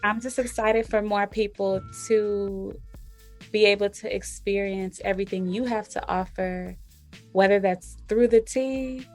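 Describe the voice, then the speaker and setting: A woman's voice: medium pitch, steady tone, a little slow, a little mellow, soft background music. A woman hosting a podcast, speaking in an encouraging, affirming manner. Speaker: podcast host. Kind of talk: candid podcast conversation.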